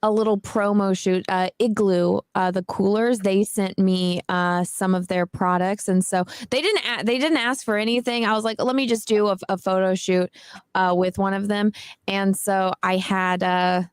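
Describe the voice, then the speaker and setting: A woman's voice: medium pitch, fairly even intonation, normal speed, clear, resonant tone, no echo. Bubbly young woman, dry close sound. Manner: bubbly, chatty, lots of fillers. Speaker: guest, cosplay model. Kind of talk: casual live-stream chat.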